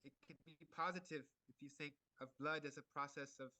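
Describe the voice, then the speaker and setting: A man giving an art lecture in short phrases, pausing for an interpreter and filling gaps with many hesitations. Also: a little high, fairly even intonation, sharp tone. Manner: halting, many fillers and restarts.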